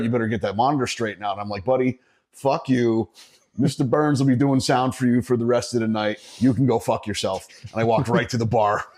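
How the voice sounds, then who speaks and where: Profane, low-voiced man telling a story. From Northeastern Pennsylvania. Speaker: podcast guest. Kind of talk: casual storytelling chat.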